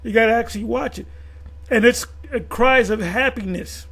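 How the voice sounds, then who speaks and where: High, gravelly man rambling. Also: normal speed, a bit bright. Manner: rambling, with frequent restarts and fillers. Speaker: video commentator. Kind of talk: casual monologue commentary.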